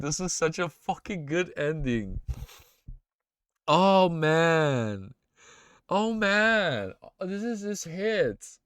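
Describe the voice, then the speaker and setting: A young man streaming, reacting emotionally and excitedly to fan art in casual chat, swearing often and calling viewers dude and bro. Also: fairly high pitch, drawn-out words, vocal fry, clean tone, dry recording, studio quality.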